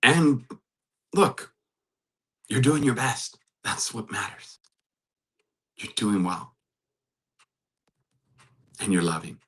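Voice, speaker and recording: A man hosting a faith-based talk, urging love and repeating affirmations in a soft, earnest way. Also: mid-range voice, expressive, slow pace, pauses often, slightly rough. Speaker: host and matchmaker.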